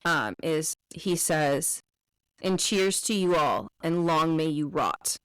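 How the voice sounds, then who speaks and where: Smooth, low-voiced woman podcaster. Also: lively intonation, a bit bright, no echo, low-quality recording. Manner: measured, chiming in with corrections and brief agreement. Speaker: podcast co-host. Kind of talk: casual book discussion.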